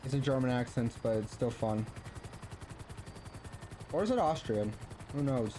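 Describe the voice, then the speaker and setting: A young man chatting casually while streaming a game, rambling and halting with lots of ums and restarts. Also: medium pitch. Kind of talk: casual gameplay chat. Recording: faint game noise behind.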